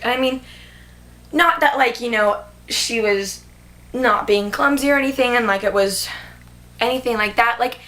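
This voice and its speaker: In a relaxed movie review chat, this young female vlogger raves about a film she adored, saying "like" over and over among plenty of fillers. Her pitch sits on the high side with a fairly bright tone.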